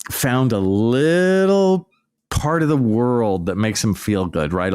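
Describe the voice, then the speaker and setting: Podcast host, male, lowish voice, sarcastic and exasperated casual rant. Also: darkish tone.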